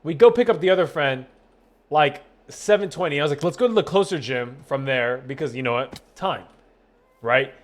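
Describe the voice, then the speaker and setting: A young man with a somewhat high-pitched voice tells his stream chat a long story from his home setup on a desk mic. He rambles and swears freely. He plays out every quoted line with animated energy. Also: normal speed. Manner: rambling, profane, animated retelling with quoted dialogue. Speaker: gaming streamer.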